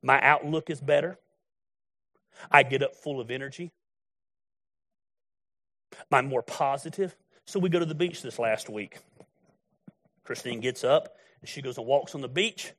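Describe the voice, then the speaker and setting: A man's voice: mid-range voice, unhurried, long pauses, fairly bright tone. A middle-aged man preaching a sermon in a blunt, folksy, storytelling way. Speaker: pastor.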